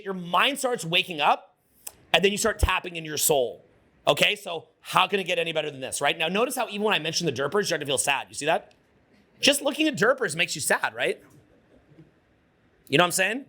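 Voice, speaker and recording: High bright-voiced man coaching a crowd. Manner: energetic, crowd call-and-response, swears freely. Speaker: social skills coach. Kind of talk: motivational seminar talk.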